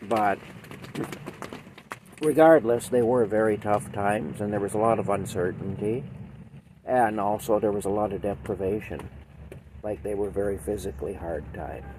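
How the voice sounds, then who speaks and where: A hoarse man with a sore throat, rambling in a folksy way as he chats with a cow companion and often adds "eh". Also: lowish voice, normal speed, long pauses, a little mellow, slight background noise. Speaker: video host reacting to a song. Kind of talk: casual chat to a toy cow.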